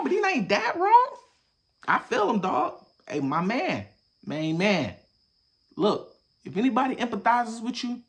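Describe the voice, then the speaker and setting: A young man talks through his reaction in loose, profane commentary, his pitch leaping and dropping all over. He goes from loud, punchy outbursts to low, muttered asides. It sounds like casual podcast talk. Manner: animated, profane, switches between loud acted-out bits and low mutters. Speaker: podcast host reacting to a viral video.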